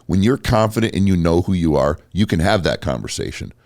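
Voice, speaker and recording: A man's voice: deep voice, expressive, a little fast, a little mellow, no echo, studio quality. A man hosting a podcast, telling stories in a blunt, profane way with a stuffy nose. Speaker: podcast host. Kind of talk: casual podcast chat.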